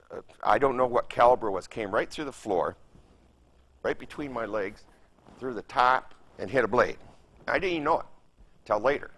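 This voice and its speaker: A man's voice: mid-range voice, fairly bright tone. A man in his seventies from Michigan, recalling his experiences as a veteran in an oral history interview, telling it vividly with repeated phrases and sound effects. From Michigan, United States. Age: 70s. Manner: vivid, emphatic storytelling with repetition and sound effects.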